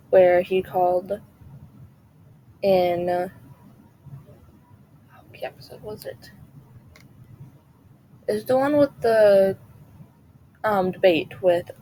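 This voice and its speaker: A chatty woman vlogger talking casually to her viewers with a mellow, soft-edged voice. She rambles, trails off and restarts mid-thought. A faint hiss sits under the recording. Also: medium pitch, rough recording. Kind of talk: casual chat to camera.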